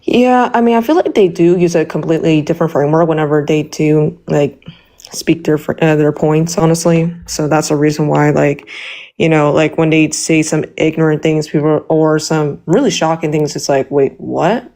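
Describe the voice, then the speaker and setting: A woman's voice: sits low, steady tone, moderate pace, mellow. A young woman speaking as a guest in a casual political debate, hesitant and full of fillers.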